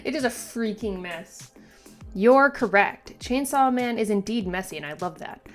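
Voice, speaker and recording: A woman's voice: medium pitch, animated, a little slow. Woman host, casual manga reaction chat, emphatic and exasperated, filler-heavy, faint music under her. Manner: frequent "like" fillers and swearing.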